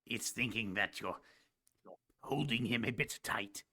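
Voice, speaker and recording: A man voicing a proud, aloof male dragonborn swarm lord who speaks in slow, formal sentences. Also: on the low side, bright, forceful tone, full character voice. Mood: haughty. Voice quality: slow, gravelly, formal speech. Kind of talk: tabletop role-play.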